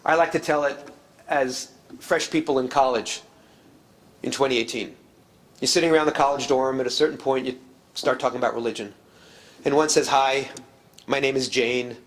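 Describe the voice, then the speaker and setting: High-voiced middle-aged man telling jokes. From United States, New York. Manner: wry storyteller, shifts pitch widely for quoted voices. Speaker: guest speaker, historian. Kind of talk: lecture with jokes and anecdotes.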